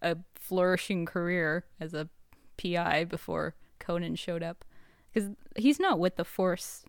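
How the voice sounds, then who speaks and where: Woman, lower pitch, smooth, chatty with fillers. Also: unhurried, no room sound, clean studio sound. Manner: hesitant, many fillers, laughs easily. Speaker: podcast co-host. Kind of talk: casual chat.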